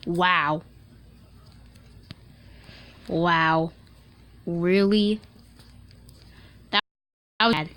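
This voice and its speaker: A woman giving casual gameplay commentary, excitable and joking, with swearing and quick asides. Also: lowish voice. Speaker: mobile game streamer.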